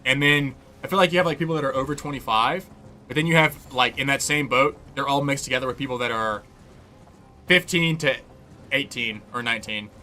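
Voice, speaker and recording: A man's voice: mid-range voice, a little fast, pushed and bright. A young man streaming a game, chatting casually in a loose, profane, rambling way and laughing often. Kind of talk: casual chat while gaming.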